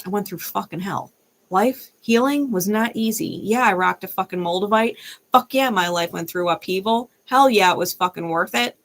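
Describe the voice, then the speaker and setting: A young adult woman delivers a fired-up, unscripted monologue, swearing freely and talking bluntly. Her voice has a gravelly, fry-edged texture at a middle pitch. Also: moderate pace, fairly bright tone. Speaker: tarot reader.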